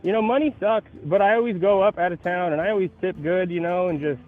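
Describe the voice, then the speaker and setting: Male caller, casual and animated, phone-line sound, soft music behind him. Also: high-pitched, fast. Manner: animated, acts out the voices of people in his story. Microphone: phone call.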